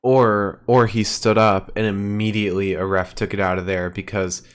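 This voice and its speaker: A man's voice: on the low side, little pitch movement, normal speed, clean tone. A man co-hosting a podcast in casual post-show chat, tossing in wry, jokey asides. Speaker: podcast co-host.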